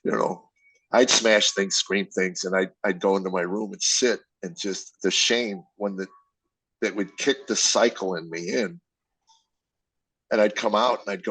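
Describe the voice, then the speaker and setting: Older man, deep dry confessional voice. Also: steady tone, measured pace, a bit bright, husky, dry recording, low-quality recording. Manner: emotional, confessional, acts out quoted dialogue. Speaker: comedian guest. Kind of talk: candid personal storytelling.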